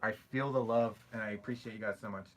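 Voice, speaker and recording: A man's voice: on the low side, fast talker, slight background noise. A young man with a Canadian accent, hosting a casual livestream and chatting, joking and reading comments aloud. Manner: chatty, joking, animated when telling stories. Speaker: livestream host.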